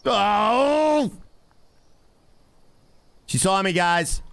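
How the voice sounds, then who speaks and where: A man giving live gameplay commentary as a streamer, excitable and constantly talking to his chat. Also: a little high, normal speed. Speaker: game streamer.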